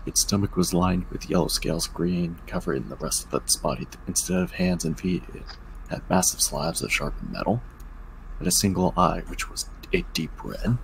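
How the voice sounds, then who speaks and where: A man's voice: deep voice, moderate pace, creaky, a little hiss or hum, poor audio. A man reading a fan-written story aloud, with joking asides and stumbles on words. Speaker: story reader.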